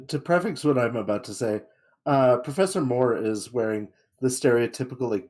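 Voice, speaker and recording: A man playing a tabletop game, talking in an unhurried, hesitant way. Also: on the low side, darkish tone. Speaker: player. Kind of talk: casual tabletop role-play chat.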